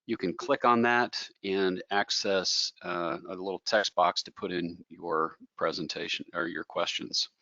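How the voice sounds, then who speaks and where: A man's voice: sits low, fairly even intonation, unhurried, few pauses, sharp tone, no echo, muffled recording. A man moderating a webinar, reading housekeeping notes and a speaker introduction. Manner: reads announcements and a speaker bio.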